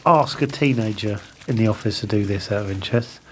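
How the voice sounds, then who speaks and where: A man's voice: on the low side, brisk, slight background noise. A man co-hosting a comedy podcast, giggly and laughing often as he chats. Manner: giggly, reacts with frequent laughter. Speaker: podcast co-host. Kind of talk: casual comedy chat.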